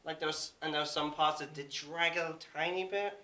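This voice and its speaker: A man co-hosting a podcast in casual chat, excitable and teasing. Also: a little high, a little fast. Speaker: podcast co-host. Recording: echoey, a little far from the mic.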